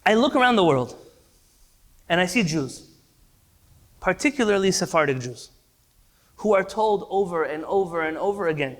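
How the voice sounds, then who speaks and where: Impassioned bright-voiced male rabbi. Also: high voice, lively intonation, normal speed, long pauses. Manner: earnest, impassioned, repetitive for emphasis. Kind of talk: evening class lecture.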